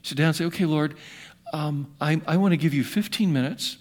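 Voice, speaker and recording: A man in his sixties preaching a sermon in an earnest voice, rising to loud emphasis and dropping to hushed asides. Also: fairly high pitch, a little fast. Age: 60s. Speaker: pastor.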